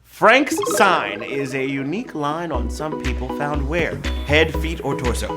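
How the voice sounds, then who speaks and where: A man's voice: a little high, lively intonation, measured pace, loud music behind the voice. A man hosting a live trivia show, reading questions with playful rhyming quips and jokes. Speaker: trivia game show host.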